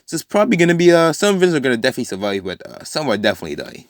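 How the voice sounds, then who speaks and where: A man spins a fan-fiction story off the cuff, circling back to fix details and filling gaps with "uh" and "like." He flicks briefly into character quotes before dropping back into plain narration. His voice sits at a middling pitch and sounds dry and close, with no room sound. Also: sing-song, very fast, dry recording. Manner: rambling, self-correcting, with frequent fillers. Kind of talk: casual improvised story narration.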